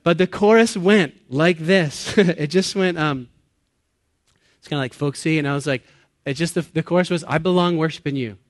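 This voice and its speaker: Speaking a little high at normal speed, a pastor in his late thirties preaches to a live church or meeting-hall audience. His manner is earnest and conversational as he laughs at his own expense and poses questions to listeners, captured in studio quality with no room sound.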